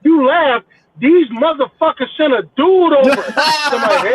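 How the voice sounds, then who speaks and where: A man telling stories in casual chat, profane and animated, often mimicking other people. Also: very high voice, a little slow, crowd noise. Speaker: podcast guest. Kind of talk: casual storytelling. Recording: tinny phone-like line, dry.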